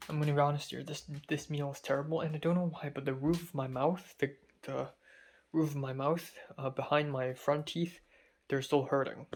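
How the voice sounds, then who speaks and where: This young man, a college student, speaks at normal speed in a voice on the high side with fairly even intonation. He's feverish and dizzy, recording a casual diary full of hesitant rambling, fillers and restarts.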